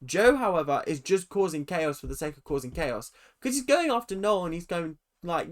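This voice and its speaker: A man's voice: sits high, sing-song, moderate pace. A young man recapping a reality show episode on his vlog, opinionated and rambling, drifting off on tangents and sounding tired. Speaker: reaction vlogger.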